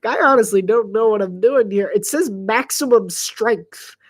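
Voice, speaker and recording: A congested woman doing casual live play-by-play of a football game, chatty and quick to laugh. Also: mid-range voice. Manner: chatty, giggly, easily distracted.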